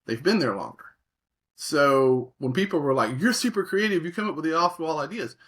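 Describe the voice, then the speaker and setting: A man's voice: on the high side, brisk, husky. A middle-aged man in a conversational interview, telling stories as a creativity facilitator and acting out the reactions he quotes. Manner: animated storyteller, acts out quoted reactions.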